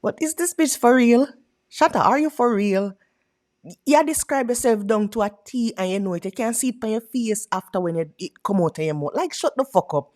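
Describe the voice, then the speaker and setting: Woman, a very lively pitch, heated and insulting. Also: brisk. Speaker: reaction streamer.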